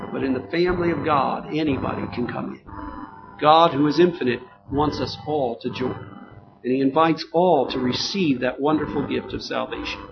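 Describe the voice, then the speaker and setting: A man with a fairly high, gravelly voice preaches a sermon, earnest and emphatic yet conversational, full of fillers. The recording sounds dull and lo-fi, with faint noise.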